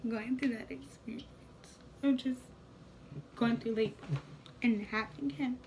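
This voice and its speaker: 19 yr old girl vlogging, high voice, slow and breathy, faint hiss behind. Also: fairly even intonation. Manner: soft, tearful, often breathy and whispery. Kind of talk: emotional personal vlog.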